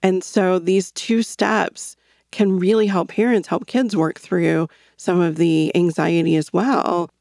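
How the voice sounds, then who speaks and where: A woman hosting a parenting talk show, reflecting quickly on anxiety and sharing her own experience. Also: on the low side, fairly even intonation, gravelly, darkish tone, no room sound, studio quality. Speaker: podcast host. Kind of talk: casual conversational interview.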